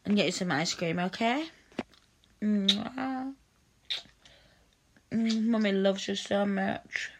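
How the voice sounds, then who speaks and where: Woman, intimate audio role-play, unhurried delivery, vocal fry, teasing and doting. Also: mid-range voice, background noise.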